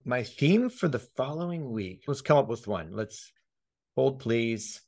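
A man hosting a casual podcast conversation, excitable, swearing freely, often restarting his sentences and laughing. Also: medium pitch, a little slow. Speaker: podcast host.

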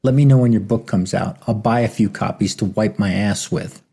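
A big, hot-tempered man, as a narrator voices him in a storybook reading. He speaks bluntly and sounds exasperated and short-fused, in a gravelly, husky voice. The tone stays dark and mellow. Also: lowish voice, moderate pace.

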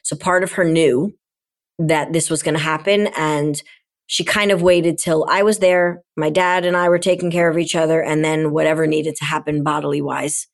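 A woman's voice: low voice, steady tone, moderate pace. A middle-aged woman, a podcast guest and coach, telling a candid, emotional personal story in conversation.

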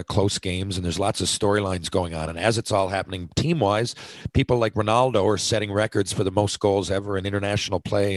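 A North American podcast host rambles casually in a monologue, chatty and self-deprecating, full of fillers and restarts. His voice is lowish, and the recording is dry and low in quality.

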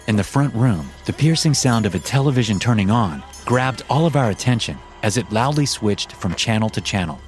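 Dramatic guy reading a horror story, deepish voice w/ soft music. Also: lively intonation, normal speed. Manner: dramatic, acts out quoted lines. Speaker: horror podcast narrator. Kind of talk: scripted horror story narration.

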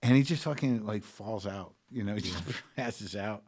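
A man's voice: lowish voice, normal speed, a little mellow, no room sound, clean studio sound. A middle-aged man telling a long, rambling story in casual chat, profane and full of fillers. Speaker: guest comedian.

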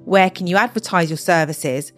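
A woman hosting a podcast, interviewing guests and reading measured scripted narration. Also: fairly low pitch, soft background music. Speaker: podcast host.

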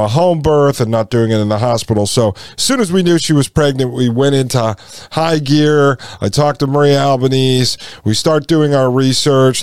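A man's voice: medium pitch, darkish tone, smooth, no room sound, studio quality. A man in his forties hosting a podcast, telling a personal story in a casual, conversational way and acting out the dialogue he quotes. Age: 40s. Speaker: podcast host.

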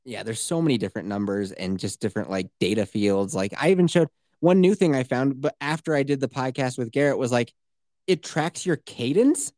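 A man in his thirties co-hosting a casual podcast, animated and swearing, putting on voices when he quotes things. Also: mid-range voice, fairly quick, no room sound, studio quality. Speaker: podcast co-host. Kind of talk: casual chat.

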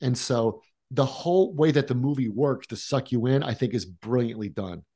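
A man co-hosting a film discussion, excited and conversational. His voice sits at an ordinary middle pitch, and he tumbles through quick restarts and asides as he talks. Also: breathy edge. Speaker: co-host of a film podcast. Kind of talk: casual conversation.

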